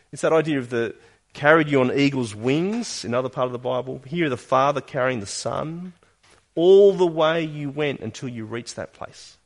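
Man, pastor, sermon, earnest, questioning, swings between emphatic and hushed. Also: medium pitch, creaky. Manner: earnest, questioning, with emphatic rises and quiet drops.

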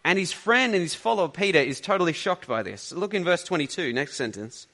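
A man's voice: high-pitched, lively intonation, brisk, sharp tone. A man preaching a sermon, teaching earnestly and conversationally with rhetorical questions.

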